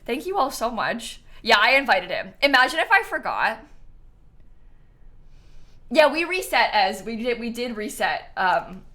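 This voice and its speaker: A young woman chatting casually on a live stream, excitable and quick to laugh and squeal as she plays and thanks donors. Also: a little high.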